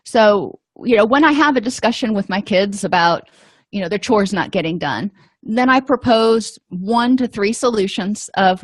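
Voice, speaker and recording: A middle-aged woman calmly explaining anger management tips in a casual talk, with frequent pauses and fillers. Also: medium pitch, no echo, studio quality. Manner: calm, explanatory, with frequent ums and you-knows. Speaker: vlogger giving advice.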